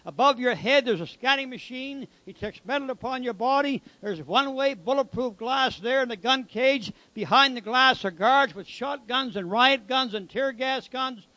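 Man, very high pitch, preaching testimony, emphatic dramatic storytelling, dry sound. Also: normal speed, hardly any pauses, pushed and bright, no echo. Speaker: ex-convict giving testimony.

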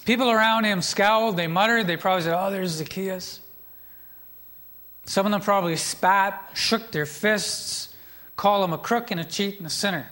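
Pastor, man, middle-aged, high pitched; storytelling sermon with asides to the congregation. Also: normal speed, bright, forceful tone.

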